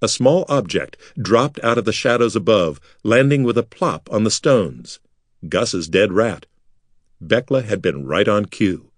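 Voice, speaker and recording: A man reading a children's adventure book aloud in steady scripted narration. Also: lowish voice, measured pace, dry recording, clean studio sound. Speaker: audiobook narrator.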